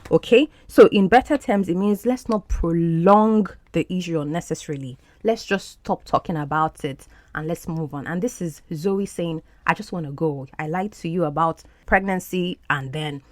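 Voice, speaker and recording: A woman's voice: fairly low pitch, dry recording. A woman teaching English, explaining phrases from film clips in a patient, repetitive way. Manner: patient, explanatory, repeats words for practice.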